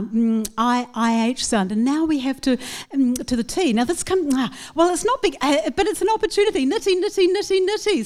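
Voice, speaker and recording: High-voiced woman teaching pronunciation. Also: a little mellow. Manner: careful, repeats sounds slowly and clearly. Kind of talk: slow pronunciation lesson.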